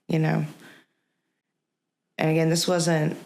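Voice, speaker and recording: A woman speaks as a podcast guest in a heavily gravelly, creaky voice. Her pitch moves up and down a lot as she tells a personal story. She talks haltingly and reflectively, pausing and restarting often. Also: very animated, a little mellow.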